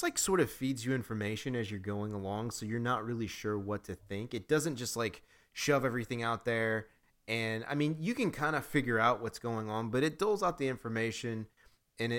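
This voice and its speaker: A man co-hosting a casual movie review podcast, rambling and animated, often acting out his own reactions. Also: medium pitch. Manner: rambling, animated, acts out quotes. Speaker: podcast co-host.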